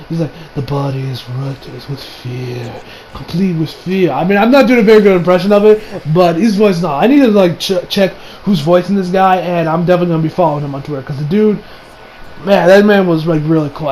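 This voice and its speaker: A man's voice: high-pitched, darkish tone, slight background noise, poor audio. A man recapping an anime episode in a casual, rambling way, swearing and correcting himself as he goes. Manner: rambling, profane, self-correcting. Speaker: anime reviewer.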